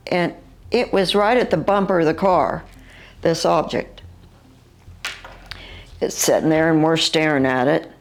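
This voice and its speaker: An older woman with a West Virginian accent, recounting her own encounter as an eyewitness in a halting, vivid way, with fillers and restarts. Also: fairly low pitch, gravelly.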